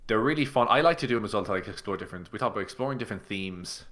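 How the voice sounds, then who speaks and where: A man with a low but bright, forceful voice chats on a podcast. He talks loosely and pads his sentences with fillers. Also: lively intonation, racing. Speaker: podcast co-host. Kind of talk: casual chat.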